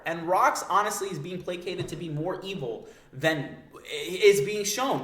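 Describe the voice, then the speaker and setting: A man's voice: mid-range voice, fairly bright tone. Hyped, swearing young man. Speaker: manga breakdown video host. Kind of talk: excited, profane, casual commentary. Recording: echoey room.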